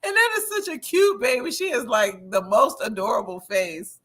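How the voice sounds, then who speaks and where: A woman's voice: a little high, very animated, moderate pace, sharp tone. A woman hosting a casual livestream, chatting and gossiping as she reads viewer comments, a little tipsy and laughing often. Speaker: host of a reality-TV review livestream.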